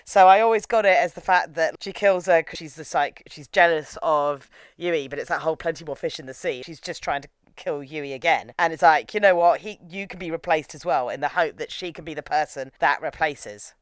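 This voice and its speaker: A woman co-hosting a podcast, chatting casually with quick asides about an anime episode. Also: sits low, clear, resonant tone, dry recording. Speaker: podcast co-host.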